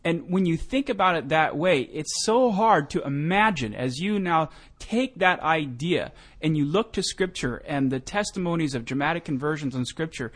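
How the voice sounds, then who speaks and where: Slightly high-voiced radio host. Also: male voice, expressive, normal speed, hardly any pauses, fairly bright tone. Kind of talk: theological radio discussion.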